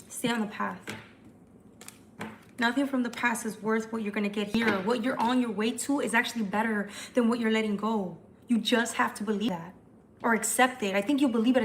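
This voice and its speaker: Chatty female tarot reader, live stream, rushing, faint background noise. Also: a little high. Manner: chatty, fast, repetitive restarts. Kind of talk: live tarot forecast reading.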